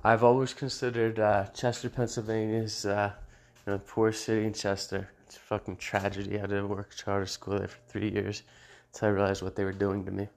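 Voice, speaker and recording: A man's voice: lowish voice, monotone, brisk, gravelly, a little mellow. A man hosting his own show in a casual unscripted monologue, blunt and profane, often laughing at his own jokes. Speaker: show host.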